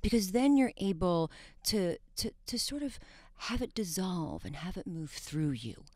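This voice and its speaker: An animated woman talking as a guest on a talk show, her pitch swooping up and down as she explains. She restarts her sentences often and laughs easily. The sound is dry and close. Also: unhurried, dry recording. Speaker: psychologist guest.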